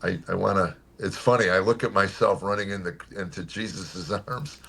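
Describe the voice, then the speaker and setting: A comedian in his seventies telling stories in a radio interview, lively when quoting people and quiet and earnest on serious points. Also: moderate pace, vocal fry, a little hiss or hum. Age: 70s. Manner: animated storyteller, jumps high for quoted voices. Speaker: comedian guest.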